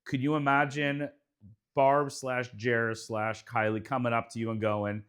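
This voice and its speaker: A man's voice: medium pitch, flat delivery, unhurried, a bit bright, clean tone. A middle-aged man hosting a podcast in casual chat, playful and jokey with teasing banter. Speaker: podcast host.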